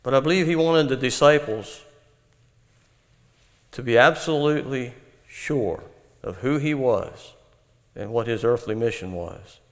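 A man preaching an earnest, measured Bible-teaching sermon. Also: medium pitch, long reverb tail.

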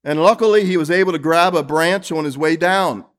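A man's voice: on the high side, a little fast, a bit bright. A man preaching an evening sermon, reading scripture and asking the congregation earnest questions. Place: church, evening service.

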